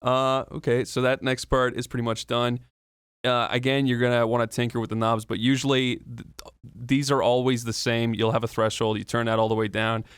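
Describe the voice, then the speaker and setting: A man's voice: medium pitch, flat delivery, moderate pace, clear, resonant tone, no echo, clean studio sound. A man talking through an audio tutorial in a loose, casual way, explaining each step with fillers and the odd swear.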